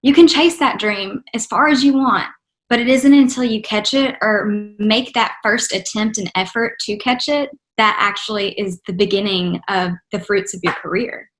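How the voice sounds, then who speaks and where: This young woman, an actress and singer from Texas, sounds upbeat and eager as an interview guest, leaning heavily on "you know" and "like." Her mostly trained-out Texan accent is faint, and her mid-range, slightly bright voice moves at a moderate pace.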